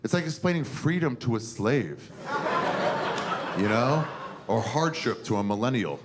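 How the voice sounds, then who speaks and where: A man in his forties doing a crude, animated stand-up comedy set on a theater stage, acting out characters as he tells stories. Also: medium pitch, measured pace. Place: theater stage before a live audience. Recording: noisy live room with audience laughter.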